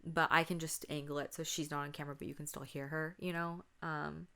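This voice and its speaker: A woman's voice: sits low, little pitch movement, fairly quick, a bit bright. A young woman hosting a casual solo podcast, chatting and telling stories about her childhood, acting out the voices in them. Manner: chatty, laughing, acts out quotes. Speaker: podcast host.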